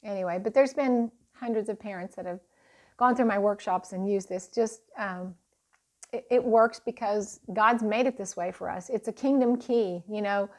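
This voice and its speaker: A woman's voice: medium pitch, moderate pace, darkish tone. A woman teaching parents in a casual, chatty way, telling stories with a laugh and speaking of faith.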